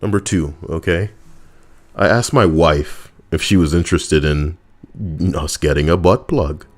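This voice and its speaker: A man's voice: low voice, measured pace. A man with a stuffed-up nose, joking through casual comedic chat as co-host reading posts. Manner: jokey, stuffed-up nose, bursts into goofy put-on voices.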